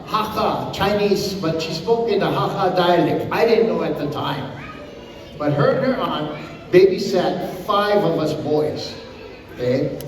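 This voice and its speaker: A man's voice: high-pitched, a little hiss or hum. An older man from Hawaii with a Hawaiian accent, a comedian chatting and telling stories to a live audience. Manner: animated, chatty storyteller. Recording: echoey hall from far off.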